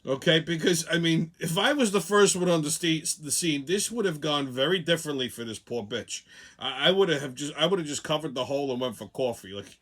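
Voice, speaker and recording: A man's voice: a little high, fairly bright tone. A middle-aged man hosting a comedic news rant, profane and sarcastic, laughing at his own jokes. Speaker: host.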